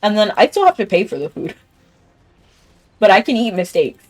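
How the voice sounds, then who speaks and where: A woman's voice: medium pitch, sing-song, normal speed, soft background music. A young woman streaming a game, telling a rambling story in casual chat and laughing often. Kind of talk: casual chat while gaming.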